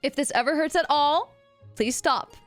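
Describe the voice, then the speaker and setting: A woman streamer giving a casual, rambling voice acting lesson to her chat, often dropping her voice low to demonstrate. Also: moderate pace, faint music behind.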